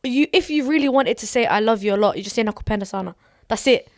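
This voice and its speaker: A woman, co-hosting a casual chat and speaking bluntly, with lots of swearing and animated outbursts. Her voice sits fairly high, and the sound is close and dry, with almost no room around it. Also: quick pace, no room sound. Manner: blunt, animated, swears freely, bursts into song. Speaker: podcast co-host.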